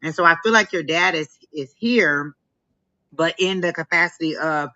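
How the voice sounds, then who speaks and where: A woman with a low-pitched, sharp voice, heard in lo-fi sound at normal speed, co-hosts a live stream and gives a psychic reading. She rambles constantly and leans heavily on "like."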